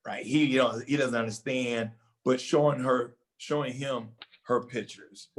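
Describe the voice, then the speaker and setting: A man's voice: mid-range voice, steady tone, unhurried, low-quality recording. An older man in casual talk show conversation, speaking reflectively and hesitantly with many fillers.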